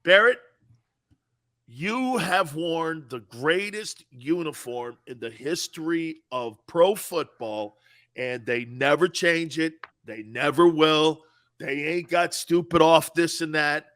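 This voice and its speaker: A man from New England with a trace of its accent, animated and profane in casual sports talk. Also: on the high side, slow. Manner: animated, profane, does mocking impressions.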